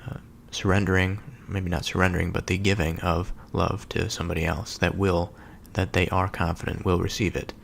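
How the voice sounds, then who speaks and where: Deep gravelly guy slowly thinking out loud about scripture, lots of pauses and uhs. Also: flat delivery, slight background noise. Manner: slow, halting, with many pauses and fillers. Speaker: solo speaker reflecting on scripture. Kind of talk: contemplative scripture reading and reflection.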